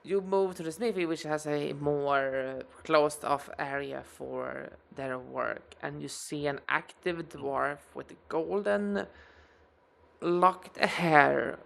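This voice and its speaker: A woman narrating as game master of a dark fantasy tabletop game, in slow, halting descriptions. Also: low-pitched, steady tone, vocal fry.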